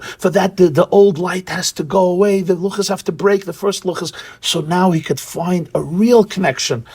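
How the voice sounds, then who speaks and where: A man teaching a Torah class in a synagogue, animated, often repeating words and restarting phrases as he searches for terms. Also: high-pitched, slightly rough. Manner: animated, acts out voices of students and fathers.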